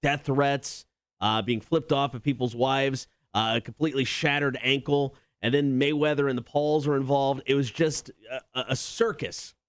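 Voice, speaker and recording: A man's voice: medium pitch, steady tone, smooth, dry recording, clean studio sound. Upbeat male radio quiz host. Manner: upbeat announcer delivery, reads quotes slowly. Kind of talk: morning radio show banter. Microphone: studio microphone.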